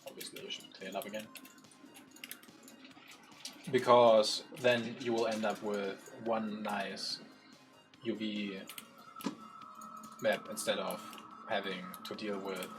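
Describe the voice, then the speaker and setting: A man's voice: fairly low pitch, little pitch movement, takes it slowly, pauses often, over music. A man with a German accent, co-hosting a stream and explaining modeling steps as he works. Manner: explains software steps while working. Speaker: co-host reviewing 3D models. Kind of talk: casual stream commentary.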